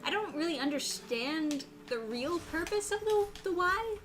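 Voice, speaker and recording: A woman's voice: extremely high pitch, expressive, moderate pace. A woman casually thinking aloud about the game she is playing, in an easygoing manner. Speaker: player of the game. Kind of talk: casual let's-play commentary. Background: game music.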